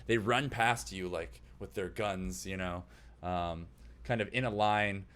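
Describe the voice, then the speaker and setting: Deep-voiced man running a tabletop game. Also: a little slow, a bit bright, clean tone. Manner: loose, filler-heavy description. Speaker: game master.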